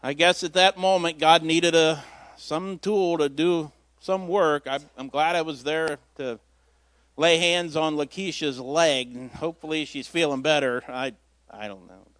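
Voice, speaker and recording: A man's voice: a little high, fairly even intonation, unhurried, fairly bright tone, dry recording. A man, a lay preacher, giving an informal sermon in a folksy, storytelling way with self-deprecating humor. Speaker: lay preacher filling in at church.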